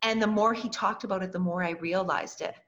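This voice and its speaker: A woman's voice: medium pitch, steady tone, brisk, fairly bright tone. A woman, a guest in an interview, telling a personal story earnestly and acting out the voices of the people she quotes. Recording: dull lo-fi recording.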